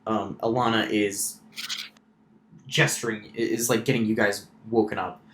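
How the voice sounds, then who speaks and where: A man's voice: on the low side, fairly even intonation, normal speed, a bit bright, a little hiss or hum. Male game master, loose filler-heavy narration, echoey room. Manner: casual, many fillers and restarts. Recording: roomy echo.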